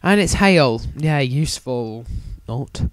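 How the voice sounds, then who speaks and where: Jokey young gamer, dry sound. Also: male voice, medium pitch, lively intonation, takes it slowly, no echo. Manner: jokey, self-mocking, rambling. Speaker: let's play commentator. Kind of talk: casual game commentary.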